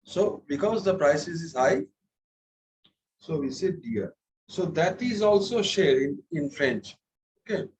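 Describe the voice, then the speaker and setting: A man teaches a French lesson to a class. His voice sits high for a man and he talks slowly. He is patient, repeating words and checking that students follow. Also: lively intonation, low-quality recording. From India.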